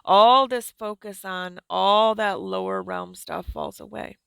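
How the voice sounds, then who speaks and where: A woman giving slow, earnest, soft-spoken devotional teaching as a Christian speaker. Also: mid-range voice, steady tone, creaky, smooth, no echo.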